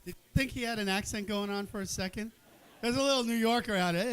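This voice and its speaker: High smooth-voiced guy emceeing a cooking event, jokey and rambling. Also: fast. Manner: joking, playful, rambling. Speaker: event host. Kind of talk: casual emcee banter. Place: event hall with an audience.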